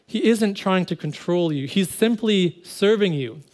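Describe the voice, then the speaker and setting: A man's voice: high voice, expressive, measured pace, a little mellow. A man preaching a sermon in an earnest way, repeating phrases for emphasis and now and then speeding up. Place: church service.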